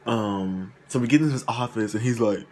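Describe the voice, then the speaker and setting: A young man in a casual storytime vlog, rambling and poking fun at himself. He keeps circling back with fillers. His voice sits at a middle pitch, with faint noise behind it. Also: a little fast. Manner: rambling, self-deprecating, with many fillers. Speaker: vlogger.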